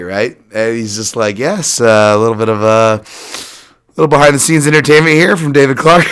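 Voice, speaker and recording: A man hosting a solo podcast, breaking down fights in a casual, animated way, swearing and laughing as he rambles through asides. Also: lowish voice, smooth. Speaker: podcast host and fight analyst.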